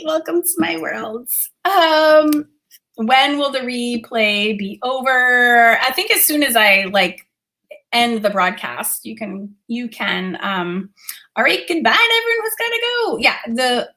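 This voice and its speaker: A woman's voice: on the high side, slow, pushed and bright. A young adult woman teaching art on a casual livestream from her home, chatting with viewers and reading their comments. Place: home studio room.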